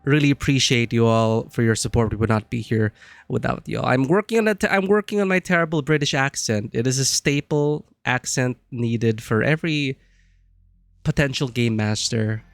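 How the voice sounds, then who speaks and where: A man's voice: medium pitch, normal speed, gravelly, no echo. A man chatting casually on a live stream, rambling and friendly as he greets viewers.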